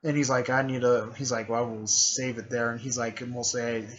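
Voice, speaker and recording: A man's voice: mid-range voice, little pitch movement, moderate pace. A man recapping a story in a casual, rambling way, with loose phrasing and plenty of filler words. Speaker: video creator recapping a fan story. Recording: dull lo-fi recording.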